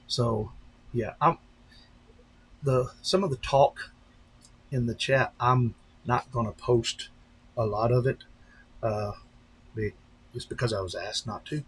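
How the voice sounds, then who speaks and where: A man hosting a casual live stream, rambling along with many fillers and restarts and slipping into lively voices when he retells a story. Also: mid-range voice, slow, pauses often, slight background noise, poor audio. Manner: breaks into animated voices when retelling stories. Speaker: channel host on a live stream.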